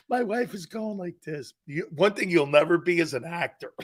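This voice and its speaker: Animated middle-aged man telling a story. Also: on the high side, a little slow. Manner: excitable, laughs loudly, acts out quotes. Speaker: sports talk show host. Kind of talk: animated storytelling on a sports talk show.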